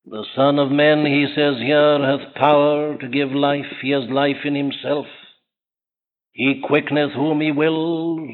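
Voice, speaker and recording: Man, high-pitched pulpit preacher, fervent sermon delivery, dull old recording. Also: little pitch movement, unhurried. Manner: impassioned, rising and falling emphasis. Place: large church.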